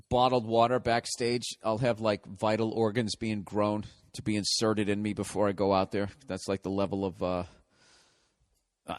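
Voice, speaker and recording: A male comedian in a profane, exasperated comedic rant. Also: lowish voice.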